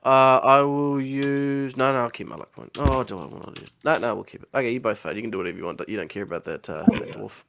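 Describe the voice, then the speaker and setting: A man acting as game master, making quick rulings and correcting himself as he goes. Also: mid-range voice, steady tone, vocal fry, a bit bright, slight background noise. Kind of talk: running a tabletop game.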